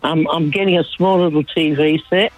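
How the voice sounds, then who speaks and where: A man talking to a radio host in short, slow, laconic replies. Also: on the high side, fairly even intonation, soft background music.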